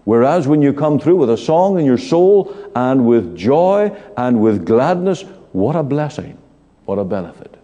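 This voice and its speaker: A man preaching an evening sermon in a church, slow and emphatic with dramatic pauses. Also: mid-range voice, very animated, dark tone, dull audio. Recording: long church hall reverb.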